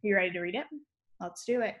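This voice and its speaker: A woman teacher giving a cheerful online lesson to young children, spelling words out slowly in a sing-song voice over a computer mic. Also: medium pitch, fairly bright tone. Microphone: computer mic on a video call.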